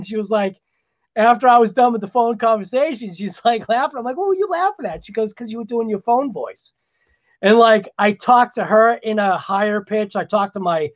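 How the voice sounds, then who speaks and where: A man with a fairly high voice talks his way through a video edit in a loose, rambling manner. He drifts into chatty, self-deprecating asides. The sound is a little muffled, like a basic home recording. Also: fairly bright tone. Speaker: RC hobby channel host. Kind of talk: casual voice-over while editing video.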